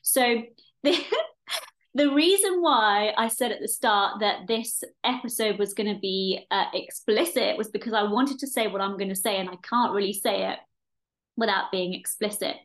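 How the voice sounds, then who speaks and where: A woman's voice: medium pitch, moderate pace, fairly bright tone. A woman in her forties hosting a solo podcast, talking frankly and animatedly, swearing freely and often restarting her sentences. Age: 40s. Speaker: podcast host and coach. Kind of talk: casual solo podcast talk.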